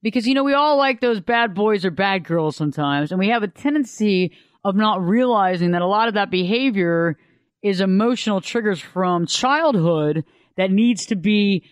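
A man gives casual relationship advice, speaking animatedly and acting out the voices of the people he quotes. His high-pitched voice comes through clean, with no echo.

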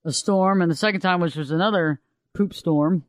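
A man talking casually about relationships as an advice speaker, animated and acting out the quoted voices of others. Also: high voice, normal speed, no echo, clean studio sound.

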